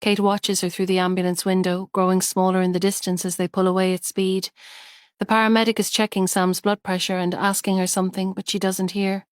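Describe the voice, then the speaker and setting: A woman's voice: medium pitch, level tone, brisk, clean tone, no room sound, studio quality. Woman narrating a tense thriller. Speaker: audiobook narrator. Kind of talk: scripted narration.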